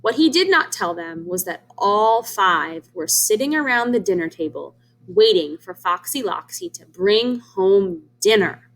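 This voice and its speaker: A woman's voice: medium pitch, lively intonation, a little slow. A woman reading a storybook aloud to young children as a teacher, stopping to explain words and ask them questions. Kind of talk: children's read-aloud lesson.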